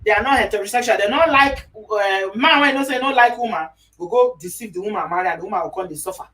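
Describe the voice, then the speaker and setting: A woman with a Nigerian accent hosts a live online chat, slipping between English and pidgin. She talks in an animated, affectionate way. Her voice sits a little away from the mic, with faint background noise. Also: medium pitch, fast talker, distant mic, poor audio. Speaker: host.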